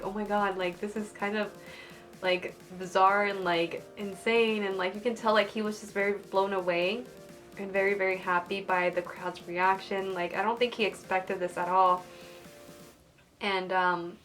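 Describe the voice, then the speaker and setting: A young adult woman vlogging casually about an exciting experience, gushing and giggling, with lots of "like" fillers. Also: medium pitch. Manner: gushing, giggly, heavy use of "like".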